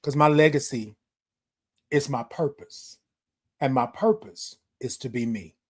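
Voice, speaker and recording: A man's voice: medium pitch, measured pace, darkish tone, slightly rough. A man hosting a live morning stream, talking casually with an affectionate, repetitive, preacher-like delivery and greeting viewers by name. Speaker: host of a live morning show. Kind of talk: casual livestream talk. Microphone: streaming live on social media.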